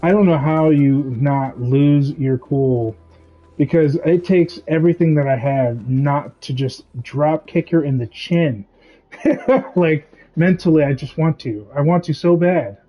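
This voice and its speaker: A man streaming a game, chatting casually in a rambling, animated ranting way. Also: on the high side, unhurried, lo-fi sound. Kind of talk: casual chat while gaming.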